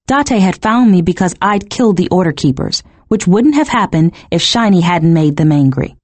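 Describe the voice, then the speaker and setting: A woman narrating a first-person novel in an expressive, emotionally engaged reading. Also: lowish voice, moderate pace, no echo. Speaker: audiobook narrator.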